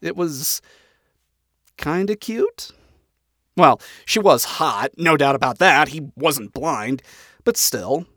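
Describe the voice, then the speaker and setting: A man reading a story aloud as narrator, in an even, dryly expressive manner. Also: a little high, slow pace, pauses often, no echo, studio quality.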